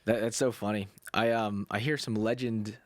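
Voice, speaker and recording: A man hosting a podcast, asking questions in a relaxed, joking way and laughing along with his guest. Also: lowish voice, normal speed, dry recording. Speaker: podcast host. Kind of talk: casual podcast conversation.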